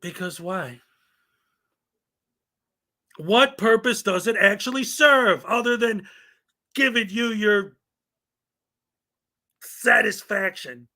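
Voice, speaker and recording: Guy ranting on his show, high bright voice, cussing and blunt. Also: slow pace, pauses often. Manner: blunt, profane, exasperated. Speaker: commentary channel host. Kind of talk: ranting commentary.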